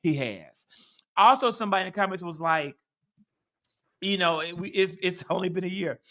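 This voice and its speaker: A fired-up man rants on a political podcast, swearing freely and bursting into sudden loud peaks. His voice is bright and forceful and sits fairly high for a man. He drives every point home with heavy emphasis. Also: animated, normal speed. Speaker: podcast co-host. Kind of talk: heated casual political chat.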